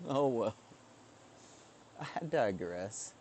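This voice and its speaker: A man's voice: on the low side, animated, very slow, darkish tone, slight background noise. A man in a rambling, profane, self-deprecating live-stream monologue, recorded indoors on a webcam setup.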